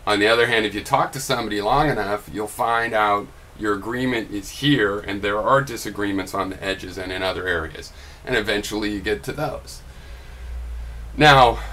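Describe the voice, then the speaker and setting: A man's voice: on the low side, fairly bright tone, a little hiss or hum, low-quality recording. A man recording a casual vlog at his computer, thinking aloud with many restarts and answering critics with pointed questions. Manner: argumentative, rising to pointed questions. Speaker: video blogger. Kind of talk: casual off-the-cuff commentary.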